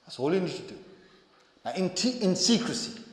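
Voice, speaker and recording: A man preaching a sermon, mixing joking, self-mocking asides with quiet, earnest appeals. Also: high-pitched, very animated, a little fast. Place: mosque hall. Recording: echoey mosque hall.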